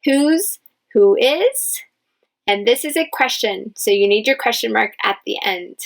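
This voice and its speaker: A woman English teacher leading a dictation lesson, speaking patiently and spelling out each word clearly. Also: mid-range voice, normal speed, a bit bright, low-quality recording. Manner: patient, enunciates each word, stresses key words. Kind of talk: slow, clear classroom dictation.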